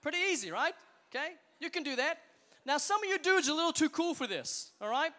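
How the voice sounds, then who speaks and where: A man's voice: very high voice, lively intonation, brisk, sharp tone, long reverb tail. A man leading a youth service, joking and hyping up the crowd in a playful, upbeat way. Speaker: youth pastor. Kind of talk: energetic crowd hype talk. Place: large hall with a live youth audience.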